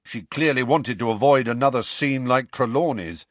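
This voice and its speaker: A man's voice: medium pitch, normal speed, no echo, close to an everyday voice. A man voicing a pompous teenage schoolboy wizard who speaks as if very wise. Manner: sage, pompous.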